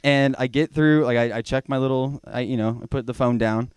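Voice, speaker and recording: A man's voice: medium pitch, steady tone, fairly quick, clear, resonant tone, dry recording, studio quality. A young man from Georgia doing a rambling, profane stand-up set in a small venue. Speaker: stand-up comedian.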